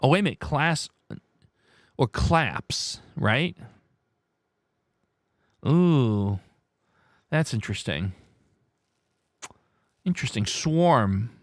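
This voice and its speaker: A man hosting a live word-game stream, reading out viewers' guesses in an excitable way, his voice worn hoarse. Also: mid-range voice, drawn-out words, long pauses, dry recording, clean studio sound. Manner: animated, excitable, shouts "No!" at wrong guesses. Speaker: livestream host.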